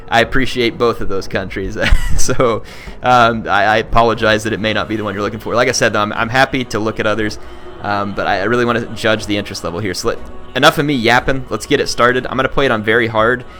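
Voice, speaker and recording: A man with a somewhat low, bright and forceful voice chats earnestly to his audience, circling back and restarting his sentences. Faint game music plays softly underneath. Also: fairly even intonation, quick pace, few pauses. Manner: earnest, rambling, many restarts. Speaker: gaming YouTuber. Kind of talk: casual talk to viewers.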